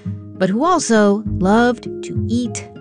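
A woman's voice: fairly high pitch, animated, slow pace. Woman radio host over music. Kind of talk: scripted radio narration with interview. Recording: music bed under the voice.

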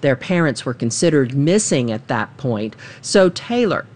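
A woman reporting a news story in a measured, even narration. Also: rumbling low.

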